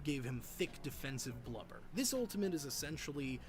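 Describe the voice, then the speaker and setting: A man's voice: a little high, sing-song, brisk. A man co-hosting a show, presenting a character redesign in an upbeat, punny scripted delivery.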